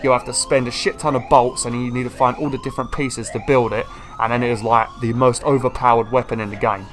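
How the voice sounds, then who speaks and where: A young man who gives casual let's-play commentary in an excitable, chatty manner, swearing and laughing often. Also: medium pitch, quick pace. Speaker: gaming channel host. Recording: commentary over game music.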